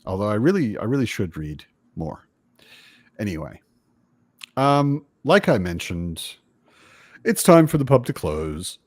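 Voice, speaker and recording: A man's voice: lowish voice, very animated, measured pace, long pauses, a little mellow, no room sound, clean studio sound. A man hosting a casual livestream book chat over a video call, rambling and correcting himself as he talks. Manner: rambling, self-correcting, chatty. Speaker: livestream host. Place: home in Berlin.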